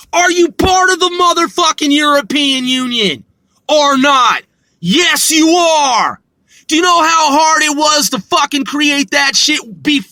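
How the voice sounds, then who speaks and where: A man rants about politics and swears constantly, his voice sitting very high for a man. His tone is bright and sharp. The recording is dry and close. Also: no echo. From United States. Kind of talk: profane political rant.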